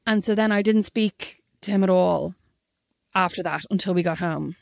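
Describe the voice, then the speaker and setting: A young Irish woman telling a story in casual chat, animated and swearing freely. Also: fairly low pitch, moderate pace, creaky, no echo, studio quality. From Ireland.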